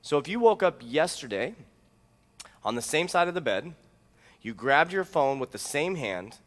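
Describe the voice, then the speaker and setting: A man hosting his own motivational podcast as a health and mindset coach, talking with big swings of pitch and loudness and repeating key lines for emphasis. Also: very animated, normal speed, in a large hall. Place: indoor room with a whiteboard.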